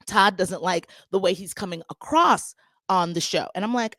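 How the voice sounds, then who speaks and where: A woman's voice: fairly low pitch, moderate pace, bright, forceful tone, dry recording, studio quality. Sassy woman dishing reality TV gossip. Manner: sassy, dramatic, acts out quotes in voices. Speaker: reality TV recap host. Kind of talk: casual gossip recap.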